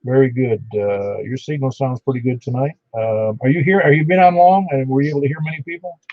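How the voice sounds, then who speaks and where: A man's voice: medium pitch, brisk, no room sound. A man running an amateur radio net, chatting casually with callers and reading out call signs in a folksy way. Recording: dull lo-fi radio audio.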